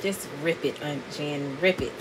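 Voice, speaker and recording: A woman's voice: low-pitched, a little slow, background noise. A woman vlogger chatting casually with lots of fillers, narrating a gift unboxing. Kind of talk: casual vlog and voiceover narration.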